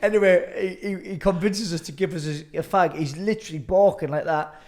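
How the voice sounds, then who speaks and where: A man's voice: sits high, fairly quick. A man hosting a casual podcast, telling stories with swearing and laughter. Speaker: podcast host. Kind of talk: casual chat.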